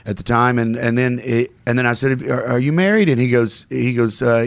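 A man chatting casually on a podcast, telling a story with lively acted-out quotes. His voice sits in an ordinary middle register and comes across dry and close to the mic. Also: mid-range voice, brisk, creaky, dry recording. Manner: animated storyteller who acts out quoted voices.

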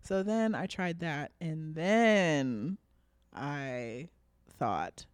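A woman's voice: deep voice, lively intonation, very slow, smooth, no echo, clean studio sound. A young woman chatting casually, telling a rambling personal story with laughs and fillers. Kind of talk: casual chat.

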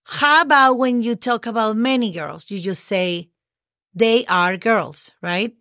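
A woman's voice: on the high side, measured pace, pushed and bright, dry recording, studio quality. A woman with a Spanish accent, a native Spanish speaker, teaching a casual language lesson, spelling out words and encouraging her listeners. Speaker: Spanish teacher, podcast host.

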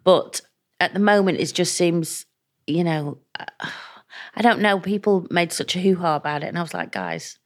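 A woman's voice: on the low side, moderate pace. A woman guest in a candid interview, talking chattily and acting out the voices of people she quotes. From England.

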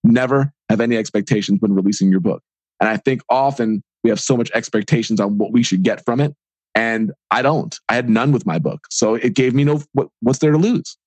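A man in his forties, a podcast guest and author, talking in a casual, energetic and rambling way and acting out little imagined dialogues. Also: mid-range voice, brisk, husky, no room sound. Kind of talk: casual interview talk.

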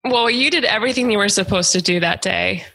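A woman hosting a podcast, talking casually and warmly, emotional and full of praise for her guest. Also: mid-range voice, brisk, gravelly, slightly rough, no room sound, low-quality recording. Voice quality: warm, emotional, effusive. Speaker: podcast host; supervisor. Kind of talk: casual chat.

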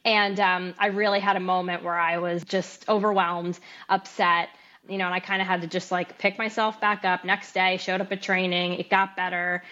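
A woman in her thirties, a podcast guest, candidly recounting her story in an interview, animated and laughing at times. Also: fairly low pitch, normal speed. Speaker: podcast guest, amateur boxer. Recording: slightly dull, lo-fi sound.

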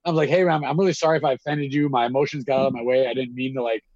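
A man spins a long, rambling story in casual conversation and swears without a second thought. His voice sits at an ordinary pitch. The sound is close and dry, with slightly dull highs. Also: racing, dry recording. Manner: rambling, animated, swears freely. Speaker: guest telling a story.

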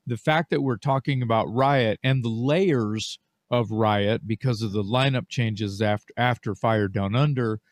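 A man's voice: mid-range voice, unhurried. An enthusiastic man co-hosting a casual interview, swearing freely as he talks. The sound is dry and close, with no room echo. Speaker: co-host.

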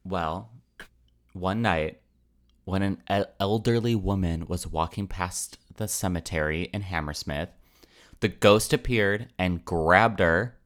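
A young man hosting a podcast, telling a folklore story in a relaxed, jokey way with casual asides. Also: low-pitched, slow pace. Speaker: podcast host.

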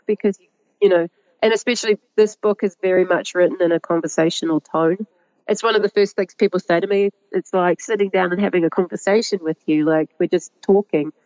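A middle-aged woman with a New Zealand accent, a guest who talks about her work in a lively, chatty way and laughs often. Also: lowish voice, dry recording, muffled recording. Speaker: guest, agroecologist and author. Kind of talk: conversational interview.

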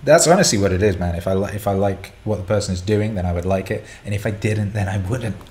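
Candid rambling man, slightly low voice. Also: fast talker, a little mellow. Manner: candid, rambling storytelling with repeated words. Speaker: podcast host answering listener questions. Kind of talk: casual chat.

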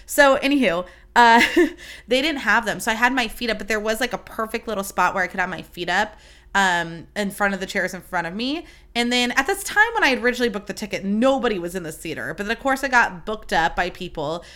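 On her casual solo podcast, a young host chats in a gushing, bubbly way and curses freely. Her mid-range voice is expressive and sharp-toned, moving a little fast.

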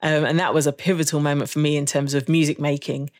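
A woman's voice: low voice, level tone, quick pace, a little mellow. A woman, a jazz saxophonist being interviewed, telling stories about her school days in a reflective, chatty way with frequent laughter. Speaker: podcast guest, jazz saxophonist. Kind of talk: conversational interview.

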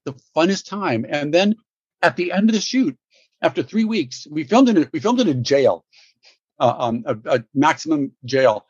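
A man, a guest actor, telling stories in an interview, animated and laughing, with many restarts. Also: on the high side, no room sound, highs cut off. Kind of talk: storytelling interview.

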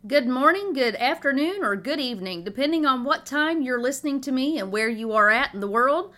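A woman's voice: sits high, animated, a little fast, a bit bright. A middle-aged woman, hosting a podcast and telling a family story in a chatty, folksy way. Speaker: podcast host.

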